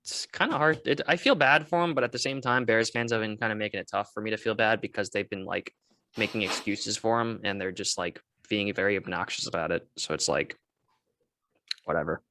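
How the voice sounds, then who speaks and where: A man's voice: lowish voice, brisk, sharp tone. A man co-hosting a casual sports podcast, giving loose, rambling opinions and correcting himself. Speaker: podcast co-host.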